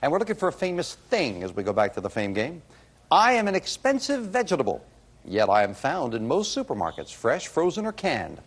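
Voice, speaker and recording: A man hosting a game show, reading questions and scores in a brisk, upbeat manner. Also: fairly high pitch, huge pitch swings. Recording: old broadcast tape with studio audience noise.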